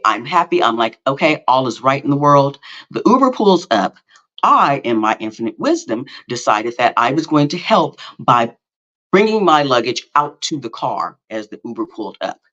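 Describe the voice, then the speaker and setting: Middle-aged man rambling through a story. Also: mid-range voice. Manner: rambling, with many fillers and self-corrections; animated, self-mocking storytelling. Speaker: podcast host. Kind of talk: casual storytelling monologue. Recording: slightly dull lo-fi audio.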